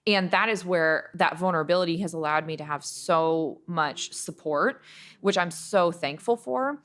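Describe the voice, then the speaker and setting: A beauty brand founder from Washington state speaks earnestly and reflectively in a heartfelt podcast interview, frequently restarting her sentences and sounding emotional, close to tears. Her voice sits on the low side, a bit bright, at a moderate pace.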